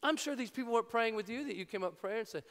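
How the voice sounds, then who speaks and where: A man preaching a sermon as pastor in a large church, energetic and jokey, building to shouts. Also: very high-pitched, racing. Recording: reverberant church hall.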